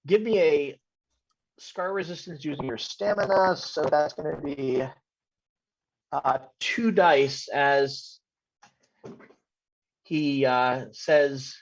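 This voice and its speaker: A man narrating a tabletop game as game master, hesitant, with many pauses and ums while describing scenes. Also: a little high, creaky. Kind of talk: narrating a tabletop game over video call. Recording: dull lo-fi audio.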